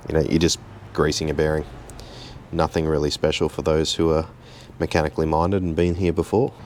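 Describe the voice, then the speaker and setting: A very low-voiced man talks through fixing a car in a home garage. He keeps it relaxed, chatty and self-deprecating, with a faint hiss of background noise under his voice. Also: a little fast. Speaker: home mechanic host. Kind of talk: casual how-to narration.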